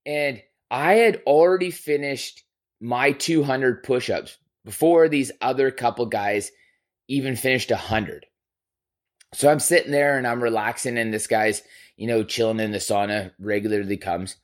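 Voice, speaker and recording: Chatting casually on his podcast, a man tells a story with lively, profane energy, veering from loud outbursts to hushed asides. His pitch is medium and his speed normal.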